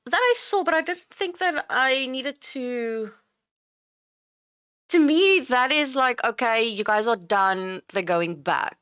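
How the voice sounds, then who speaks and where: A woman's voice: on the high side, animated, slow, a bit bright, clean tone, no room sound, highs cut off. Player, woman, hesitant and giggly, dry close home mic. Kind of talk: casual chat over voice call. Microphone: home mic with limiter.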